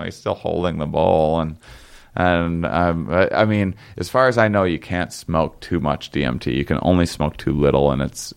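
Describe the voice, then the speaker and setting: A young man with a very low, gravelly voice that still sounds smooth and resonant tells a long story as a guest in a casual chat. He rambles and halts, using lots of fillers and restarts, and laughs briefly as he goes.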